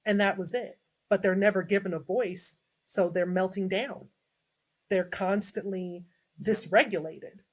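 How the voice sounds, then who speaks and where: A woman's voice: mid-range voice, unhurried, slightly rough. A woman in her thirties, a guest and adjunct professor, talking earnestly in a casual panel discussion and acting out what others say. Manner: earnest, animated, quotes people in lively voices.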